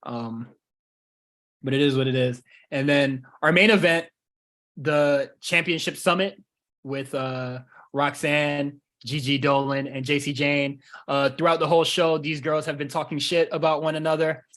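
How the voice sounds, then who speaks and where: Brief: male podcast co-host, relaxed profane banter, voice a touch high. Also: measured pace. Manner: loose, joking, profane. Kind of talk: casual wrestling chat.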